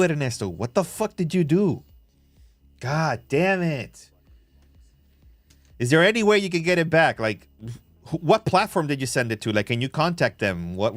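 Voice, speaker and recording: A man hosts a casual livestream from his phone, his voice sitting a little high for a man. He talks excitably, swears freely and fires off quick shout-outs to viewers. The sound is dry and close, with faint music underneath. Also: no echo. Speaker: crypto livestream host.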